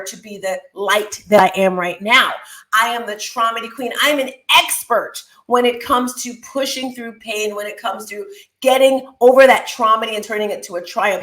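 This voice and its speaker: A woman host with a fairly high voice speaks in an animated, chatty way, often breaking into laughter. She is middle-aged and talks casually, giving heartfelt advice. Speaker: podcast host. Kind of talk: casual motivational talk.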